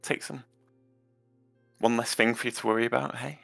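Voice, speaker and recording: A man's voice: medium pitch, steady tone, normal speed, creaky, fairly bright tone, no echo, faint music behind. A man playing his character in a tabletop game, mild and hesitant. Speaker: player.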